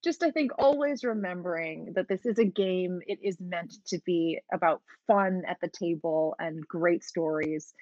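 A woman game master talking shop in a relaxed, easy chat. She laughs often and trails off mid-thought before picking her point back up. The sound is dry and a little dull, as if it comes over a video call. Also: on the low side, unhurried, few pauses, no echo. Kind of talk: casual talk-show chat.

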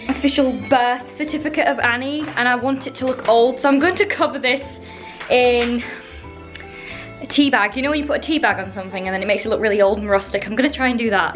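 A woman chatting in a casual vlog, gushing and excitable. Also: a little high. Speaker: vlogger.

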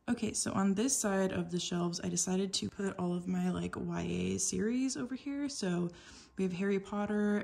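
Chatty young woman with a gravelly edge. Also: mid-range voice, a little mellow. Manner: chatty, upbeat, with fillers and small laughs. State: out of breath. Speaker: vlogger. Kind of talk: casual vlog narration. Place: home apartment.

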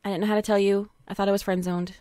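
A woman's voice: medium pitch, level tone, very fast, mellow, lightly acted. A woman voicing a shy young man from a life-sim game who sheepishly confesses his crush in her own plain voice.

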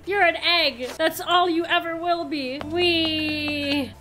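A young woman streamer giving excitable game commentary, swinging from loud shrieks to low mumbles and swearing freely. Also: a little slow, slight background noise. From United States.

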